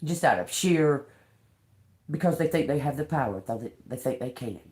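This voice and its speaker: A woman giving a live tarot reading, ranting in a profane, animated way and laughing often. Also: very deep voice, moderate pace. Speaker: tarot reader. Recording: roomy echo.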